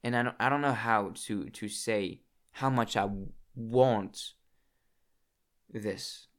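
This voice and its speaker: A man's voice: fairly low pitch, takes it slowly, a bit bright. A young man vlogging in a casual, emotional monologue, swearing often and restarting his sentences as he talks about his feelings.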